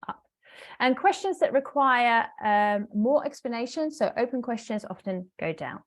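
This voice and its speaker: A woman business English trainer giving an online webinar, explaining step by step with frequent fillers and pauses. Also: fairly high pitch, lively intonation. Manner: hesitant fillers, explanatory, talks to a live audience.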